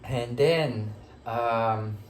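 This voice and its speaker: A man recounts a personal spiritual story in a slow, reflective way, often pausing as emotion rises. His voice sits at an ordinary pitch and rings with the echo of the room around him, over a faint hum. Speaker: spiritual teacher sharing a personal experience. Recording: echoey room.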